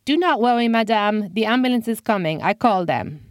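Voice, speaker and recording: A woman's voice: medium pitch, expressive, a little fast, no echo, clean studio sound, pitched above the performer's own voice, lightly acted. A woman voicing a courteous man with a French accent, a helpful passer-by, in a spoken story with music behind it. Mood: polite. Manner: formal and courteous.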